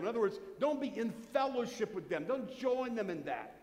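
High-voiced man preaching in a reverberant hall. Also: big pitch swings, moderate pace, darkish tone. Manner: conversational, joking asides, asks the congregation questions. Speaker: pastor. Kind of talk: sermon. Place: church sanctuary. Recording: long church hall reverb.

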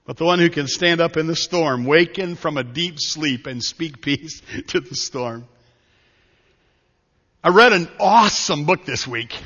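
A middle-aged male pastor preaching a sermon, telling stories and swinging from hushed asides to loud, urgent preaching. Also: fairly high pitch. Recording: muffled hall reverb.

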